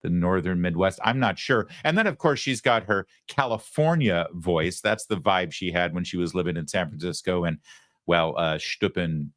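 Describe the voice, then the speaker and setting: A man's voice: sits low, animated, moderate pace, fairly bright tone, no room sound, studio quality. A man hosting a political talk show, delivering opinionated commentary in a sarcastic, mocking, emphatic way.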